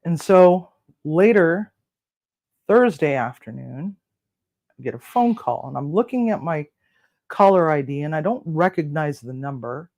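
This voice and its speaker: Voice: medium pitch, a little slow. Chatty cooking host telling a story. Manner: chatty, relaxed, acts out both sides of phone calls; frequent fillers and restarts. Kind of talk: casual storytelling.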